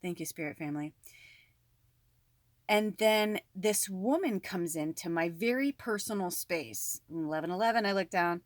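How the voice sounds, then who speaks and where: Animated swearing woman, dry close sound. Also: on the low side, normal speed, dry recording. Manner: animated, swears freely, lots of fillers. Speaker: spiritual medium. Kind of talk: casual storytelling to viewers.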